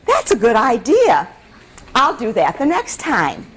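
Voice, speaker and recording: A bright, high-pitched young village lad, eager and a little flustered, who stammers over his words. A woman storyteller puts him on in a lively folktale, her pitch rising well above her own. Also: a little slow, slight background noise, poor audio. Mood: earnest.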